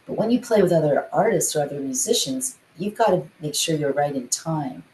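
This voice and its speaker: Low-voiced woman, chatty, echoey room. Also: animated, a little fast, a little mellow, a little hiss or hum. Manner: chatty, sings rhythms aloud. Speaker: guest, musician and composer. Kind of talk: casual interview chat.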